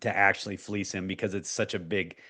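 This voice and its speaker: A man's voice: low-pitched, steady tone, fairly quick, pushed and bright. A man in his forties, a guest in an interview, telling a personal faith story in an earnest, emotional way, full of restarts and fillers.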